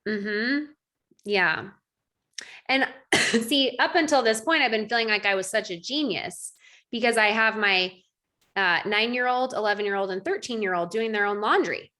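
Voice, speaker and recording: A woman in her thirties leading a coaching call, animated and acting out her own thoughts as she talks. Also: mid-range voice, normal speed. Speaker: life coach. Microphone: video call.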